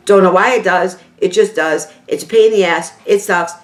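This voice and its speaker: A woman's voice: lowish voice, moderate pace. A middle-aged woman with a New York accent, talking to camera in a heartfelt, rambling way and repeating herself for emphasis. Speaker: beauty vlogger. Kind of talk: emotional casual talk to camera. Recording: echoey room.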